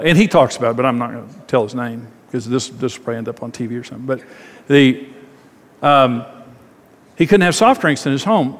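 A man's voice: medium pitch, in a large hall. A man preaching a sermon as a pastor, talking conversationally, acting out quoted voices and repeating phrases.

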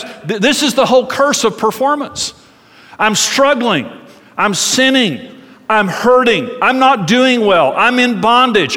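A middle-aged male pastor preaches with passion, stacking short, emphatic phrases. His voice is bright and sharp. It carries the long echo of a large church hall. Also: high-pitched. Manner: impassioned and repetitive, with rhythmic emphatic phrasing. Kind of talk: sermon.

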